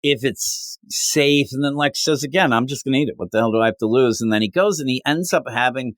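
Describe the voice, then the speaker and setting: A man co-hosting a comics podcast, talking loosely and rambling through his recap. He breaks into quick put-on character lines with big leaps in pitch, and his voice sits at a middle pitch in a dry, close sound. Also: no echo. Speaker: podcast co-host. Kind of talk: casual chat reviewing comics.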